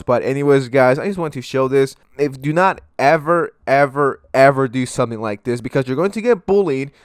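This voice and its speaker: A man's voice: mid-range voice, clean tone, no echo, clean studio sound. A young man giving sarcastic, swear-heavy reaction commentary from his room. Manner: sarcastic, ranting, swears freely. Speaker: commentary YouTuber.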